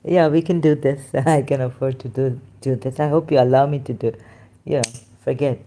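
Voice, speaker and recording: A woman reads scripture aloud and comments on it, halting and chuckling at herself. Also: a bass voice, fairly even intonation, mellow, slight background noise. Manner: halting, self-interrupting, chuckling. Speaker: religion critic.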